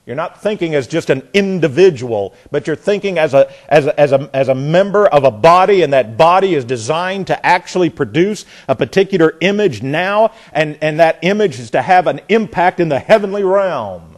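A male preacher walks his congregation through a Bible passage, his voice sitting a little high for a man. He circles on repeated words while hunting for a phrase, then drags out the key lines slowly for emphasis. Asides fall quieter and lower. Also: expressive. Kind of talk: verse-by-verse Bible teaching.

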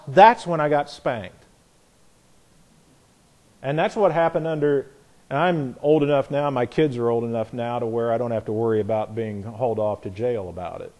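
A man's voice: medium pitch, moderate pace, a little mellow. A middle-aged man teaching an informal Bible class, earnest and conversational, often restarting his sentences.

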